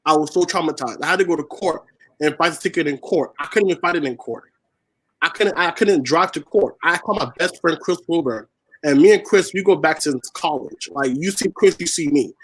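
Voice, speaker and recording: A man's voice: on the high side, brisk, breathy edge, poor audio. A man from Haiti raised in Washington State, a spoken word poet telling a personal story as an interview guest, earnest and repeating phrases for emphasis. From born in Haiti, raised in Washington State.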